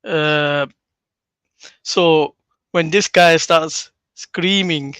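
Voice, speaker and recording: A man's voice: a little high, steady tone, takes it slowly, fairly bright tone, smooth, no room sound. A man hosting a casual livestream, commenting bluntly and mockingly with frequent swearing. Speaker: livestream host.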